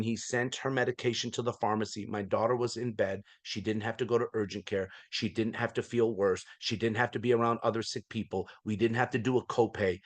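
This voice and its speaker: A man, likely in his forties, giving an energetic, folksy sales presentation on a video call, with lots of repetition. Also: on the low side, brisk, few pauses, no echo. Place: remote hotel room abroad.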